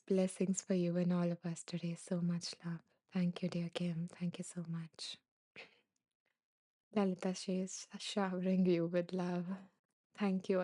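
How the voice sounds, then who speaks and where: Soft, emotional woman host on a live stream. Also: fairly low pitch, dry recording, clean studio sound. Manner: tearful, laughing, soft and halting.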